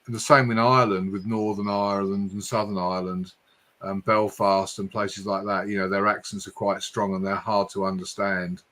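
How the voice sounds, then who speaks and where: A man with an accent that mixes Essex and London, hosting a late-night live stream in a chatty way and speeding up when he gets excited. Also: fairly low pitch, moderate pace. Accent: mix of Essex and London English. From Hertfordshire, England. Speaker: livestream host.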